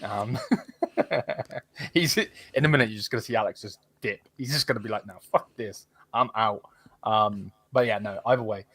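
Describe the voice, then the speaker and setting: A man's voice: on the low side, moderate pace, fairly bright tone, husky, dry recording. A man hosting a casual football podcast, rambling with lots of fillers and swearing. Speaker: podcast host.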